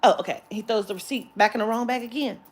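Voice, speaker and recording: A woman vlogger telling a story in an animated, profane, exasperated way, filmed on a phone in a shopping area. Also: a little high, quick pace. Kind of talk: storytime vlog.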